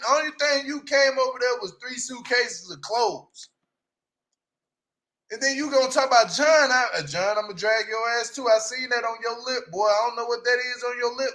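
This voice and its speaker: A high-pitched man with a sharp, bright edge roasts reality show cast members in casual slang. He talks bluntly and heatedly, jumping from loud outbursts to low mutters. He mocks the people he talks about. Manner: swings loud and quiet, mock-imitates cast members. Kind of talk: casual reaction commentary.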